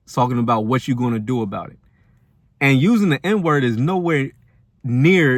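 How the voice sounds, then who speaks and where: A man's voice: on the high side, no echo. A man hosting a commentary channel, delivering a firm, preachy reaction rant. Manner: firm, preachy, building emphasis.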